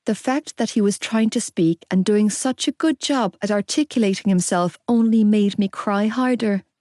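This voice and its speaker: Mellow-voiced woman narrating a romance audiobook. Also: mid-range voice, normal speed, dry recording, clean studio sound.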